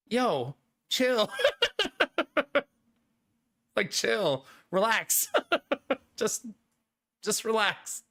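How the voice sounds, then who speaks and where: A male streamer with a high, bright voice chats loosely with his live viewers. He keeps things easygoing and breaks into laughter often. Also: sing-song, very slow, pauses often. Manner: laid-back and chatty, laughing often. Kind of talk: casual chat with live viewers.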